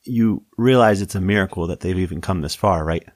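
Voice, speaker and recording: A man voicing a weary middle-aged male sheriff, gruff, sardonic and clipped. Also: low-pitched, a little fast, a little mellow, dry recording, clean studio sound. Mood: grumpy.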